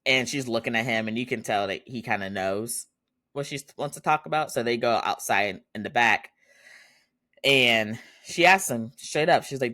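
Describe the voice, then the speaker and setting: A man's voice: mid-range voice, normal speed, bright, forceful tone, dry recording. Chatty man recapping a drama, dry close mic. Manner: chatty, laughs often, acts out quotes. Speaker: podcast host. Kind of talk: casual episode recap.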